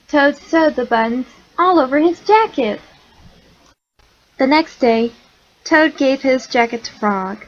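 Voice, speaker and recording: A woman reading a children's picture book aloud in a slow, gentle storytelling way. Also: sits high, muffled recording. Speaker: storybook reader.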